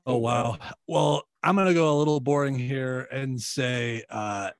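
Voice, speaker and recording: A man's voice: medium pitch, a little slow. A man co-hosting a podcast in casual chat, blunt and emphatic. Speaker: podcast co-host.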